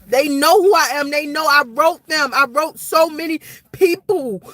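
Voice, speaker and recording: A woman's voice: high-pitched, measured pace, fairly bright tone, no echo, low-quality recording. A woman in her forties recording an impassioned, rambling vlog rant outdoors at night, repeating herself as she talks. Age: 40s. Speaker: vlogger.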